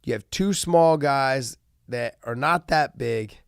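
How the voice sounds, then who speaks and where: A man's voice: mid-range voice, takes it slowly, creaky, clean tone, dry recording, clean studio sound. A man hosting casual fight commentary, talking loosely with many restarts and fillers, jet lagged and tired. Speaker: host of fight analysis show.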